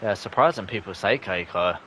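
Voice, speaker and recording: Low-voiced gaming streamer. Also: male voice, moderate pace, slight background noise. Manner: chatty, bursts into shouts at near misses. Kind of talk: live gameplay commentary and chat reading.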